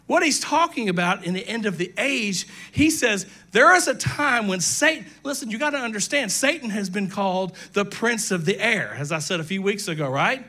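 An older male pastor preaching a sermon, emphatic, breaking into shouts and quick asides to the congregation. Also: high-pitched, lively intonation. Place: church sanctuary.

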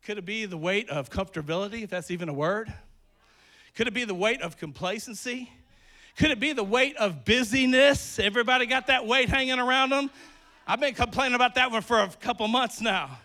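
A man preaching a sermon with lots of energy, swinging between loud emphasis and quiet asides, a bit out of breath. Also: very high voice, brisk.

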